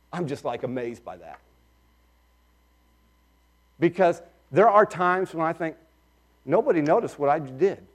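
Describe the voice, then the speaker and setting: A middle-aged pastor with a slightly high male voice is preaching a sermon. He swings between loud, emphatic lines and quiet asides.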